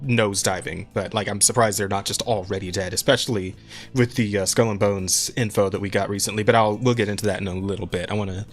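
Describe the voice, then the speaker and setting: A man's voice: fairly low pitch, steady tone, fast talker, soft background music. A man co-hosting a podcast in casual chat, rambling and profane, with many restarts and frequent laughs. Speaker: podcast co-host.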